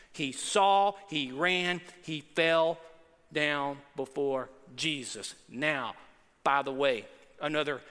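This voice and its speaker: A man's voice: a little high, pushed and bright. A man preaching a sermon as pastor, emphatic and conversational, repeating key phrases. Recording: preaching in a reverberant hall.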